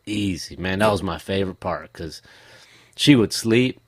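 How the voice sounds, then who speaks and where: A man's voice: sits low, normal speed, no echo, studio quality. A man in his forties, a podcast guest, talking in an easygoing, plain-spoken way. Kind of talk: casual conversation.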